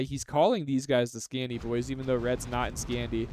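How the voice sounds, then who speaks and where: A man's voice: medium pitch, steady tone, a little fast, a little mellow, slight background noise. A man giving casual live commentary on a strategy game, chatty and analytical, with lots of filler words. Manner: chatty and analytical, heavy use of "like".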